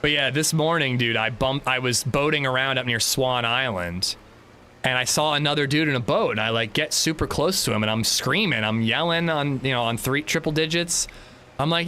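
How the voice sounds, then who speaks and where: A man's voice: mid-range voice, normal speed, sharp tone, a little hiss or hum. A male streamer chatting casually while gaming, swearing lightly and laughing easily.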